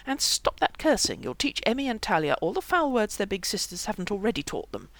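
A reader doing a bossy storybook mother, pitched well up and clipped, scolding with a sharp, commanding lilt. She rises and falls a lot as she fusses, and the room around her sounds dry and close. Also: wildly swooping pitch, normal speed, vocal fry, no echo, heavily acted. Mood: stern. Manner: scolding, severe. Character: stern doting mother, middle-aged woman.

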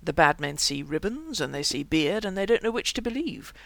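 A reader voicing a young squire who answers with calm, deadpan wit. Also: mid-range voice, brisk, gravelly, no room sound. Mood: wry. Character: wry quiet young male squire.

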